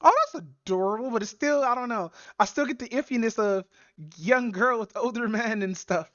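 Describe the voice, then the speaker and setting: High-pitched woman host, loose profane storyteller, recorded dry and dull. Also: moderate pace, no room sound. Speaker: podcast host. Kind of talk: casual chat.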